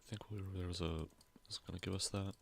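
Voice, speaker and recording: Low-voiced man reading game text aloud. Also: steady tone, fast talker, creaky, a little hiss or hum. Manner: reads game text aloud with playful asides. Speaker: streamer. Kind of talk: casual let's-play commentary.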